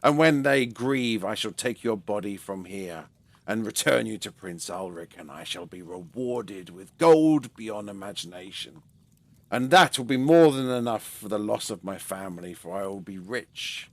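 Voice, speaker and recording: A man doing a scheming old trader, low and hushed. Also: normal speed, no room sound, close to an everyday voice. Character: scheming greedy old male trader, villain.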